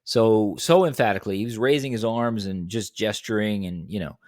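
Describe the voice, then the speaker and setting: A young man in a casual podcast chat, telling a story in an animated way and acting out quotes in a higher voice. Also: fairly quick, no room sound, clean studio sound. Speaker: podcast co-host.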